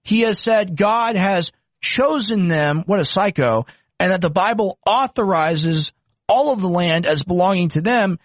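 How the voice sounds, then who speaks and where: A man's voice: sits high, lively intonation, unhurried, no room sound. A young man commenting on video clips, indignant and mocking. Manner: indignant, mocking, puts on silly voices. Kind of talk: political commentary.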